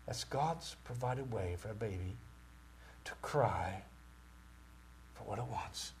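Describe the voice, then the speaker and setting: A man preaching a sermon with great passion, rising to loud cries and dropping to near-whispers. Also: on the low side, lively intonation, takes it slowly, a little hiss or hum. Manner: impassioned, swings from shouting to near-whispers.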